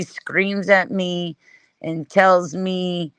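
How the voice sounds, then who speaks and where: A woman chatting casually on a livestream, animated and swearing freely as she talks back to her chat. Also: medium pitch, slow, dry recording. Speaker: livestream host.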